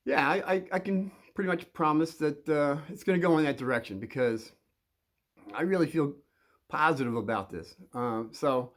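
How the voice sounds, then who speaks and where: A man's voice: a little high, normal speed. A man talking to the camera and giving casual advice, rambling with many fillers and restarts. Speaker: advice vlogger.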